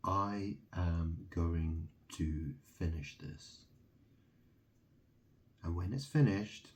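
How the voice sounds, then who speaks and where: A man's voice: on the low side, fairly even intonation, slow pace, mellow. A man from England delivering a rambling solo monologue, ranting and mocking, swearing freely.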